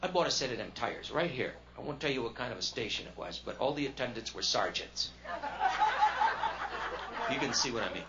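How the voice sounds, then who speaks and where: A man's voice: mid-range voice, expressive, a little fast, pauses often. A man performing stand-up comedy live in a casino showroom, telling stories with wry, punchy delivery. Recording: dull lo-fi 1970s live record, loud hiss.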